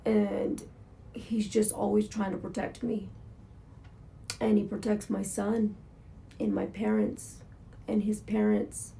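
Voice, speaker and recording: Gravelly-voiced woman vlogging candidly. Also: medium pitch, lively intonation, slow, long pauses, warm tone, slight background noise. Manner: candid, emotional, rambling confessional talk. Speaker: motorcycle vlogger. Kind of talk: casual vlog monologue.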